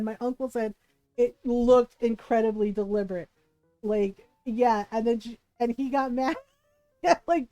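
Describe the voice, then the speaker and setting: A woman streamer chatting casually while she plays a game, laughing often and retelling a story with lively quoted voices. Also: a little high, dry recording. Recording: dry close mic with faint game music.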